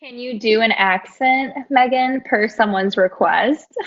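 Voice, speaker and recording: A woman's voice: a little high, unhurried, a bit bright, highs cut off. A young woman moderating a live question session over a video call, upbeat and reading out questions. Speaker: event moderator.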